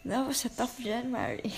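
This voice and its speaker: A young Filipino woman with a Filipino accent, hosting a personal podcast, talking slowly and haltingly in a tearful state, mixing English and Tagalog. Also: fairly high pitch, very animated, vocal fry, faint music behind. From Philippines. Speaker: podcast host.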